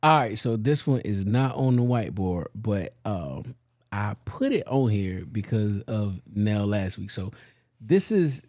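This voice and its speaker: A man's voice: lowish voice, big pitch swings, unhurried, darkish tone. A man hosting a podcast, chatting casually in a blunt, joking way. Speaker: podcast host. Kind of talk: casual chat.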